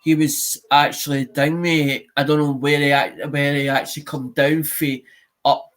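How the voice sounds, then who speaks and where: A man's voice: a little high, level tone, moderate pace, a bit bright, low-quality recording. A man with a Scottish accent chatting casually on a stream panel, rambling and restarting his sentences. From Scotland. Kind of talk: casual chat.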